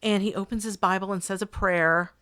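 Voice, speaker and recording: A woman's voice: medium pitch, steady tone, a little fast, a bit bright, clear, resonant tone. A woman co-hosting a podcast, casually recapping a movie in a wry, riffing way and echoing her co-host's jokes. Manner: wry, riffs and echoes her co-host. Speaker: podcast co-host.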